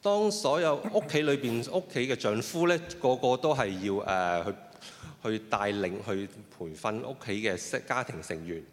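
A man interpreting a sermon phrase by phrase, often pausing with fillers and restarting his sentences. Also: medium pitch, lively intonation. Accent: Cantonese. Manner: hesitant, with frequent fillers and restarts. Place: church hall. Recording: long reverb of a hall.

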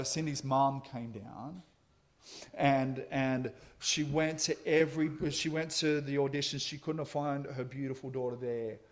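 Man preaching a sermon. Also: medium pitch. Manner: storytelling, halting restarts, emphatic.

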